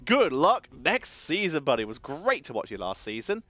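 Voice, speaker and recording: A man casting a live esports match, energetic and chatty, wired on caffeine and thanking subscribers between calls of the play. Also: fairly high pitch, moderate pace, no room sound, faint music behind. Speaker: esports caster.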